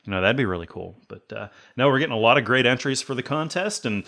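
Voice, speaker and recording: A man's voice: medium pitch, animated, quick pace, creaky, pushed and bright. A male podcast host answering a voicemail in a friendly, joking way, laughing often. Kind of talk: casual podcast chat.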